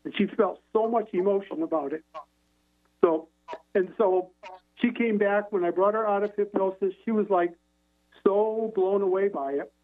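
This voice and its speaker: Steady in tone and moderate in pace, his high voice carries over a phone line. The man, a hypnotherapist guest on a call-in radio show, tells stories casually and ramblingly, with frequent restarts and fillers.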